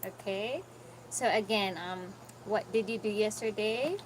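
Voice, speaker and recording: A woman's voice: mid-range voice, unhurried. A woman teaching English live online, patiently coaching a student's reading and correcting it. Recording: noisy background.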